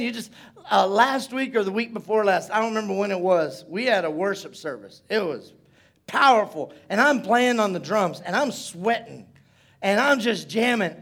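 A man preaching as pastor in a church service, telling stories with playful asides and building to loud shouts. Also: high voice, vocal fry. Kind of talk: sermon.

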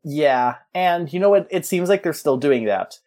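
A man's voice: fairly high pitch, expressive, moderate pace, a little mellow. A man co-hosting a podcast, chatting casually in a joking, rambling way and laughing often. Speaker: podcast co-host.

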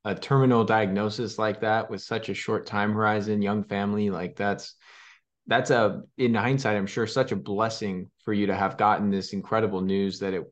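Casual, enthusiastic podcast host, lo-fi sound. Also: male voice, fairly low pitch, steady tone, normal speed. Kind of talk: interview questions. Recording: dull lo-fi audio.

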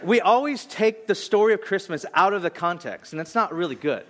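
A pastor in his thirties preaching with a high, light voice. He tells a story with animated, self-deprecating energy, stumbling through restarts when he turns reflective. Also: a little fast. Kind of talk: sermon.

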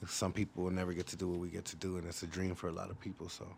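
A man with a West Coast accent, a rapper talking fast and profanely in a casual interview, telling animated stories. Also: deep voice, vocal fry, a little hiss or hum. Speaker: rapper guest.

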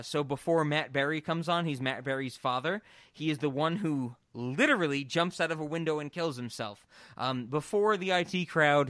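Podcast guy rambling on, kinda high voice, super dry sound, swears a lot. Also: dry recording. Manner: rambling and animated, swears freely, many fillers. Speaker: podcast host. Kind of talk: casual chat.

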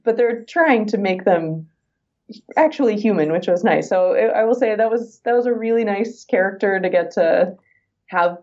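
Chatty laughing actress, dull lo-fi sound. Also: female voice, mid-range voice, dark tone. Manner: chatty, laughs often, quick asides. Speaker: actress and guest. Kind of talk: casual interview chat.

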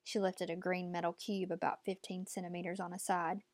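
Woman, audiobook narrator, measured steady reading, lowish voice, dry close recording. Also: no echo.

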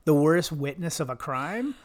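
A man's voice: a little high, lively intonation, moderate pace. Rambling man on a podcast. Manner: rambling storyteller, mimics others' voices. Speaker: podcast co-host. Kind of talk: casual chat.

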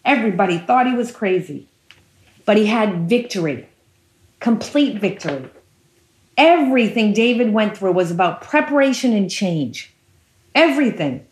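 Emphatic woman preacher, mid-pitched, retelling scripture with a roomy echo. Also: normal speed, long pauses. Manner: animated, emphatic storytelling with repetition. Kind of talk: sermon.

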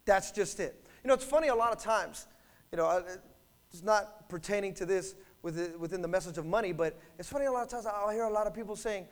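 A pastor preaching a sermon in church, emphatic, leading call-and-response with the congregation and swinging between loud bursts and quiet asides. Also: male voice, high voice, a little fast.

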